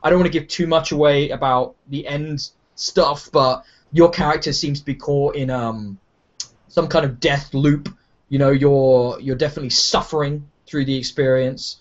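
Rambling, animated man with a lo-fi sound. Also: a little high, moderate pace. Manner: animated, rambling with many restarts. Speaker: podcast host. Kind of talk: casual gaming chat. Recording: dull lo-fi sound.

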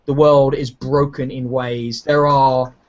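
A man hosting a casual gaming podcast, talking in an animated, rambling way with many restarts. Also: medium pitch, slow. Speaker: podcast host. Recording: dull lo-fi sound.

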